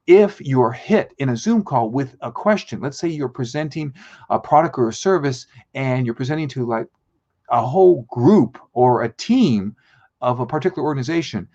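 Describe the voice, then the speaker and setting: A man's voice: fairly high pitch, lo-fi sound. A man hosting a live show as a speaking coach, teaching with examples and acting out the lines he quotes. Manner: animated, acts out quoted lines.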